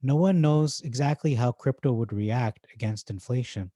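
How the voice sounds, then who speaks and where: Male vlogger, Irish accent, mid-range mellow voice, relaxed chatty delivery with jokey asides, dry close recording. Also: mid-range voice, moderate pace, no room sound. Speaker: stock market YouTuber. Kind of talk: casual commentary reading forum posts.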